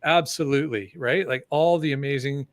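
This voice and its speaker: A man's voice: medium pitch, normal speed, no room sound. A man co-hosting a casual podcast, reading listener comments and chatting in an easygoing way with plenty of fillers. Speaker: podcast co-host. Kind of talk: casual chat.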